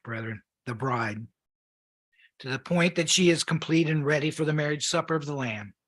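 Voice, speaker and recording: A man preaching a sermon, reading scripture in an earnest, measured way while losing his voice. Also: on the high side, a bit bright, slightly rough.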